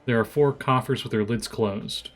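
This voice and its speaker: A man narrating as game master for a tabletop game, describing rooms with relaxed fillers. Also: medium pitch, normal speed.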